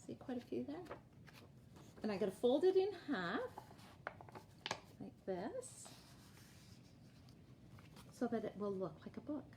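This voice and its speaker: A woman reads a picture book aloud to young children at a library storytime. Her voice sits fairly high and swoops widely. She speaks slowly and clearly, with faint room noise behind her. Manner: animated, slow and clearly spoken for young children.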